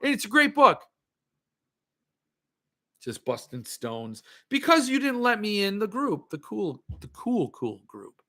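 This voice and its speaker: A man's voice: high-pitched, huge pitch swings, measured pace, long pauses, pushed and bright. A man hosting a livestream, ranting sarcastically and answering viewer comments in casual chat. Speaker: podcast host.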